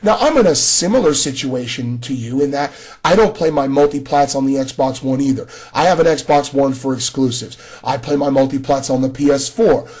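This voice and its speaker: A man's voice: mid-range voice, normal speed, few pauses, darkish tone. A man giving a casual spoken video response, talking straight to another creator with frequent restarts. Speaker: gaming commentator.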